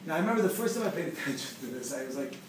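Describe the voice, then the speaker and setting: A man giving a humorous teaching talk to a live audience, quizzing them with quick questions. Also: fairly high pitch, animated. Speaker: speaker teaching a class. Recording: echoey room, distant mic, noisy.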